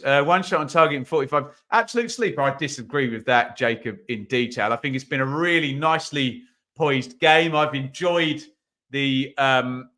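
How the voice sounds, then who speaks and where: A man hosting a live football watch-along from his home office, chatting casually and reading out viewers' messages. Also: mid-range voice. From England. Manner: chatty, reads out viewer comments, bursts into loud calls. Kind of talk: live stream chat and commentary.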